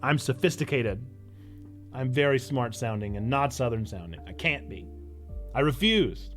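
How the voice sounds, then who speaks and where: A pastor from Illinois with a Northern Illinois accent, chatting casually on a livestream and answering chat in a playful, self-mocking way. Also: male voice, medium pitch, moderate pace, faint music behind. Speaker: pastor and streamer.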